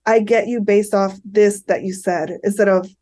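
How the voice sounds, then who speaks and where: A woman's voice: medium pitch, steady tone, normal speed, dark tone. Earnest woman in her fifties. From Miami. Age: 50s. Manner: earnest, repeats phrases while explaining. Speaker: podcast guest. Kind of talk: candid conversational interview.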